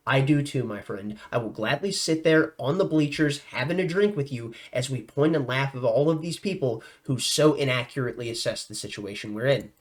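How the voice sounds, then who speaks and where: A man's voice: mid-range voice, fairly quick, hardly any pauses. Enthusiastic young man vlogging. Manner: enthusiastic, animated, effusive. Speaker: news commentary vlogger. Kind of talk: casual vlog commentary.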